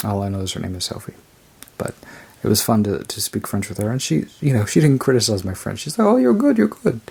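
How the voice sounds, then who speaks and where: A man with a low, gravelly voice shows off a tarot deck card by card. His delivery is rambling and unhurried, with a husky, slightly rough edge. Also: darkish tone. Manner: rambling and unhurried, describing cards as he goes. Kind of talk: casual show-and-tell review.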